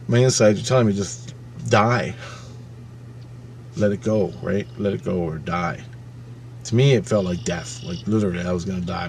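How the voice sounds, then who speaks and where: A man casually telling a personal story, swearing freely and acting out his own panicked thoughts with sudden swings between loud and quiet. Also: sits low, a little hiss or hum. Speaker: channel host recounting a personal experience.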